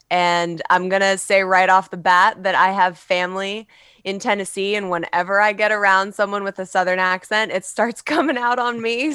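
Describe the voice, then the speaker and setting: A woman's voice: mid-range voice, a bit bright, clean tone, dry recording. A woman from Los Angeles, a guest author on a casual podcast, chatty and candid, swearing and laughing often. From Los Angeles, USA.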